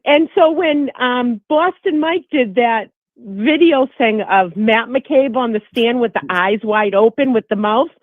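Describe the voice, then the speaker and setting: A woman calling into a show, telling a story in an animated, profane way. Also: on the high side, unhurried, hardly any pauses, no room sound. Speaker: caller. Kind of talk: casual phone call. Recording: tinny phone line.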